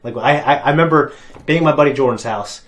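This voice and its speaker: A man's voice: mid-range voice, fast talker. A man chats loosely as a show host. His voice sits in an ordinary middle register, and he rambles through anecdotes, often breaking into laughter and filler words. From Ohio. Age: adult parent. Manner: animated, laughing, storytelling with lots of fillers. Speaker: reaction channel host. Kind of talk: casual chat.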